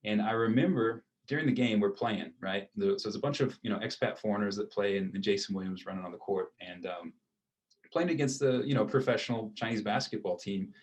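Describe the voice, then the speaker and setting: An American man in his thirties, telling a casual story as an interview guest, with a relaxed, rambling way of talking and lots of fillers. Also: lowish voice, fairly quick, low-quality recording. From United States.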